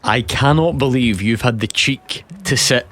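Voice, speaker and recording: Chatty Scottish radio host. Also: male voice, mid-range voice, fairly bright tone. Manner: brisk, chatty, laughs often. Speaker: radio sports show host. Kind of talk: casual radio sports chat. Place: radio studio.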